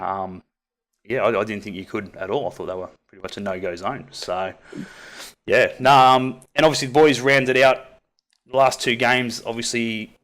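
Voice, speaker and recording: A chatty Australian man hosting a football podcast in an easy, casual way. He laughs often and fills his pauses with "um" and "obviously". His voice sits at an ordinary middle pitch. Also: a bit bright. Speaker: podcast host.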